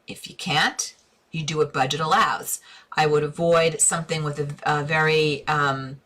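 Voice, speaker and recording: A middle-aged woman runs a casual live stream, reading out viewer questions and answering them. Her voice sits low for a woman but rings bright and forceful. She talks in a chatty, encouraging way with sudden bursts of excitement. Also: unhurried. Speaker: interior design coach hosting a live Q&A.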